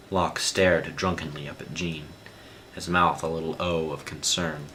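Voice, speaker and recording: Low slow guy narrating a book, bit of faint hiss behind. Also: poor audio. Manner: slow, low steady reading. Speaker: audiobook reader. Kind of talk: scripted narration.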